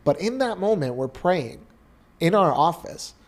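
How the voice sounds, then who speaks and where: This podcast co-host, a Canadian in his thirties, recounts a moving story from his own life, sounding earnest and lively. His voice runs on the high side, and he doesn't rush.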